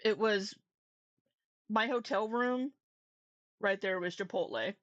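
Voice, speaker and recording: A woman's voice: medium pitch, very animated, slow pace, long pauses, no room sound. A woman with a runny nose chatting casually on a live stream at home, rambling, greeting viewers and laughing easily. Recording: slightly dull lo-fi stream audio.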